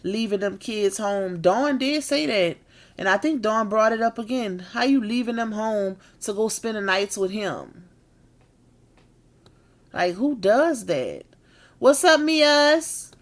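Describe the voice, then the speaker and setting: A woman's voice: mid-range voice, expressive. A woman hosting a live stream, chatting casually with her viewers and saying she is tired and needs a nap. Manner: chatty, drawn-out Southern-style slang with y'all and baby. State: tired and yawning.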